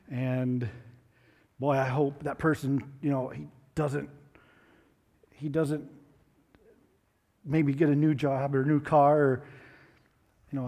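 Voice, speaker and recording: A man giving a children's moment in church, asking the kids gentle questions and coaxing answers. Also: fairly high pitch, in a large hall. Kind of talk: children's sermon with props.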